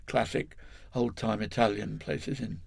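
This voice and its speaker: Gravelly older man telling a story. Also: on the low side, fairly even intonation, a little slow, crowd noise. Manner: rambling, self-correcting, chuckling storyteller. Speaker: guest. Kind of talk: anecdotal interview storytelling.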